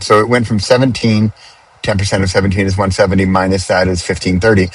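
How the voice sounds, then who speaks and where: Male host recording in his car; slightly raspy, loose and conversational, talks things through out loud. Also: medium pitch, poor audio. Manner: chatty, thinks aloud with restarts and self-corrections. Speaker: podcast host. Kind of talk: casual spoken reflection. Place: in a car on a highway.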